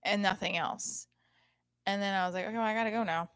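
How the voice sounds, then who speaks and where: A woman's voice: medium pitch, steady tone, fast, a bit bright, clear, resonant tone, dry recording. A chatty woman in her thirties talks straight to her listeners in a loose, rambling way, swearing and trailing off into fillers. Her voice sits in an ordinary middle range. The recording is close and dry, with no room sound. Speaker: podcast host. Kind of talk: casual live-stream monologue. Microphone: home setup, streaming and recording at once.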